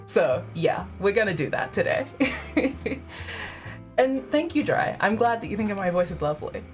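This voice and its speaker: A woman's voice: medium pitch, lively intonation, normal speed, faint music behind. Giggly young woman streaming a game. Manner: giggly, chatty, self-deprecating. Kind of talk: casual live-stream chat.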